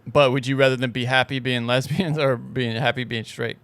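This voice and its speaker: A man co-hosting a podcast in casual comedic chat, teasing with quick questions. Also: mid-range voice, steady tone, fairly bright tone, no echo. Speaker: podcast co-host.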